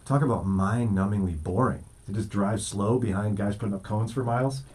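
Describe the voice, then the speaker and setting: A man's voice: on the low side, brisk, darkish tone. A man co-hosting a morning radio show, joking and bantering in the studio. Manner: joking, does playful put-on accents. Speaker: radio co-host. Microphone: studio mic.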